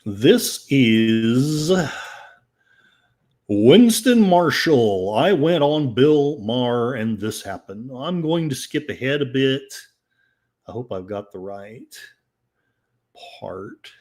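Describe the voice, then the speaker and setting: A man's voice: mid-range voice, big pitch swings, takes it slowly, a little mellow. Sarcastic older man rambling over headlines. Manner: sarcastic, rambling, with frequent fillers. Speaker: podcast host. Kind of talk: casual commentary reading headlines.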